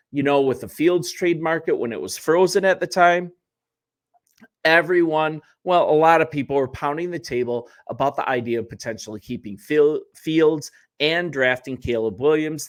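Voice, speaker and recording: A man hosting a sports channel, talking casually to the camera in a chatty, wry way with joking asides and self-corrections. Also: mid-range voice.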